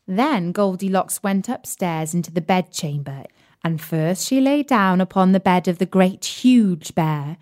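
A woman reading a children's fairy tale aloud in a measured, gently expressive way. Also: fairly low pitch. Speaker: storyteller. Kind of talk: storybook read-aloud.

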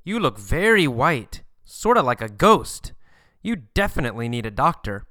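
A man voicing a blunt male taxi driver, slow and plainly spoken. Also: medium pitch, sing-song, sharp tone, no echo, clean studio sound.

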